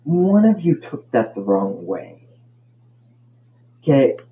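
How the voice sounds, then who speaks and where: A man's voice: mid-range voice, very animated, slow pace, narrow, tinny audio, a little hiss or hum. A man hosting a casual solo podcast, rambling and tripping over his words. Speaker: podcast host.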